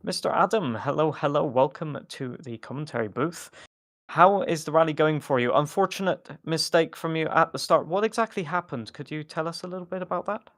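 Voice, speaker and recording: A man co-commentating a sim rally stream, explaining car handling in a measured way. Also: on the high side, fairly bright tone. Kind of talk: analytical race commentary.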